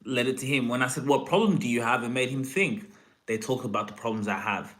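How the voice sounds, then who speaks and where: A man spins a casual anecdote about a business pitch with easy confidence. His voice sits in an ordinary middle register and keeps an unhurried, conversational flow. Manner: relaxed, confident, loose anecdotal delivery. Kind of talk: casual storytelling.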